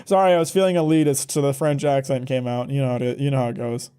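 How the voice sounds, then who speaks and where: A man's voice: mid-range voice, fairly even intonation, fast, mellow, clean tone. Blunt joking male streamer. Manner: blunt, joking and profane, reads chat aloud. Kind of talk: casual live-stream chat.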